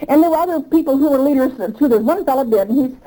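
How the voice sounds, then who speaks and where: A woman's voice: sits high, expressive, racing, mellow, low-quality recording. An older woman, a union member, telling her story in an oral history interview, emphatic and repetitive, getting revved up as she talks.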